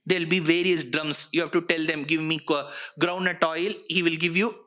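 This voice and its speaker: A man giving an expressive religious discourse, explaining scripture and breaking off to demonstrate sounds. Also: a little high, normal speed. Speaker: spiritual lecturer.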